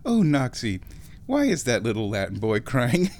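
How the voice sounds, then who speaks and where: A man's voice: mid-range voice, wildly swooping pitch, normal speed, darkish tone. A man doing an impression of a film drag queen character, in a sing-song, mock-sympathetic voice. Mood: teasing.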